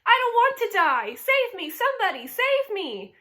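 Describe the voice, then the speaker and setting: A woman's voice: very high-pitched, very animated, moderate pace, bright, forceful tone, pitched above the performer's own voice, exaggerated voice. A woman voicing a frightened young male pig who screams, sobs and pleads. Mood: panicked.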